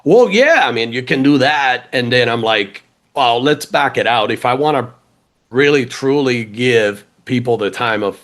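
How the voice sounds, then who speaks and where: A man's voice: mid-range voice, normal speed. A man with an accent, talking casually and at length as a business podcast guest, with many restarts. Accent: funky accent, non-native. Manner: chatty, animated, many restarts. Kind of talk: casual interview chat.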